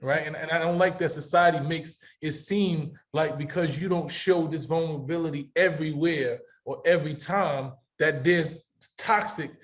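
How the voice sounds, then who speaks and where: Passionate higher-voiced man hosting. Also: normal speed, hardly any pauses. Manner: passionate, emphatic, repeats words while building a point. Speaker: talk show host. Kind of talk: panel discussion.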